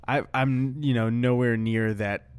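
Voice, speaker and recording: A man's voice: medium pitch, fairly even intonation, a little slow, smooth. A young man co-hosting a podcast, telling casual, jokey stories and swearing now and then. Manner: laid-back, jokey storytelling with frequent swearing. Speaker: podcast co-host. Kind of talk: casual chat.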